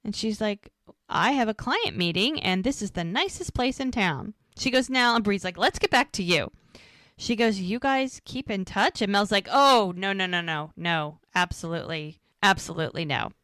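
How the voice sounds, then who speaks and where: A woman co-hosts a podcast, chattily recapping a TV episode and acting out characters' lines in quick quotes as she retells scenes. Her voice is a little high, expressive, and a bit bright, in a dry recording.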